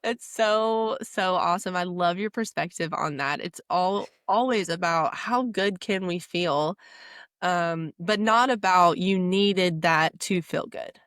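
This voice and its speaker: A woman's voice: fairly low pitch, slow, a bit bright, no echo. Chatty woman podcast host, dry sound. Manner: chatty, lots of "like" fillers, enthusiastic. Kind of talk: casual chat.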